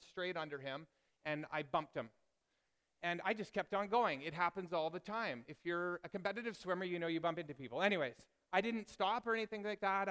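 Pastor guy preaching, kinda high smooth voice, pokes fun at himself. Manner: self-deprecating storyteller, animated. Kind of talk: sermon with a personal story.

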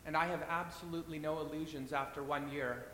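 A man's voice: steady tone, a little fast, pushed and bright. A man preaching a sermon in a church, earnest and repeating phrases for weight. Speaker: pastor. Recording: echoey church hall, faint rumble.

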